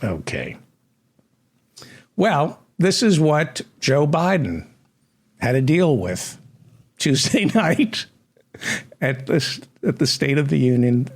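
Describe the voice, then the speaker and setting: A man hosting a satirical comedy news show, delivering sardonic, deadpan asides. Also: a little high, slow, long pauses.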